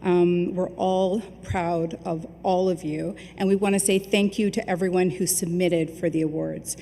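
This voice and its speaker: A woman hosting an awards ceremony, speaking warmly with frequent ums as she thanks winners and crew. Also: fairly low pitch, steady tone, a little slow. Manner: warm, chatty, with frequent ums. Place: large hall at an awards ceremony. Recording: reverberant hall with faint noise.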